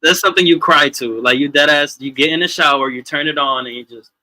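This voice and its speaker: A man's voice: a little high, fast talker, bright, forceful tone, dry recording. A man in casual chat at a listening party, gushing about a song and swearing playfully.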